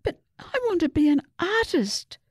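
A woman voicing a young girl who dreams of being an artist, bright and emphatic. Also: very high-pitched, very animated, unhurried, dry recording, studio quality, voice pushed up, exaggerated voice. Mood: wailing.

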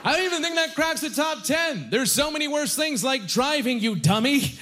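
A male stand-up comedian from Halifax, performing an animated, wisecracking set that is full of "like" and "you know.". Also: very high-pitched, a little fast, few pauses. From Halifax, Nova Scotia, Canada. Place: comedy stage before a live audience.

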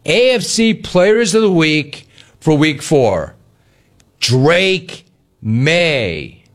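A man's voice: on the high side, very animated, very slow. A middle-aged man hosting a sports talk radio show, riffing sarcastically on callers and the news.

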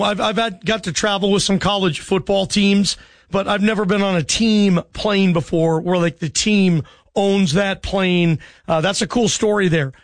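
A high-pitched man hosting sports radio call-ins. He is friendly and chatty, with a dry, close sound. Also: no echo. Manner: friendly, chatty, thanks callers.

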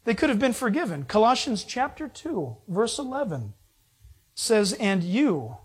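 A man preaching a sermon in a folksy, joking way, telling stories with lively energy. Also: very high voice, moderate pace, husky. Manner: folksy, joking, animated storytelling.

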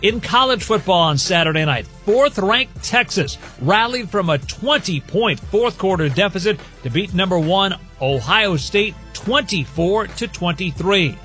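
A man reading a scripted sports news update in a brisk, clipped way. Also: high voice, pushed and bright.

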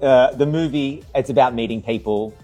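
A man interviewing a guest in casual chat, teasing and firing quick questions. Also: medium pitch, warm tone, faint music behind. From Australia.

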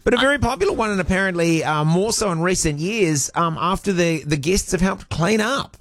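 A man with a gravelly, lively voice co-hosts a radio chat. He reads listener messages aloud, breaking them up with hesitant uhs. The sound is dry and close. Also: high-pitched, brisk, no echo, soft background music. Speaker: radio co-host.

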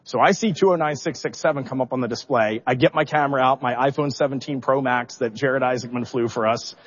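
In a lo-fi recording of a public interview, a middle-aged man who commands spacecraft talks fast in a mid-range voice. He tells his stories with animation and self-mockery, acts out how he reacted, and at times fights back tears.

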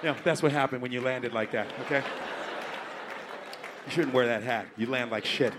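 A man doing a stand-up comedy routine, loud and animated, talking profane street slang and breaking into screams and laughter. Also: medium pitch, normal speed, crowd noise, background noise.

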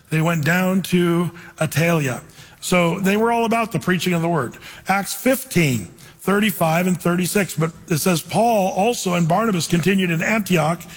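A man's voice: sits high, breathy edge, big-room sound, rough recording. A man preaching an expository sermon as a pastor, reading scripture aloud and urging his listeners with earnest emphasis.

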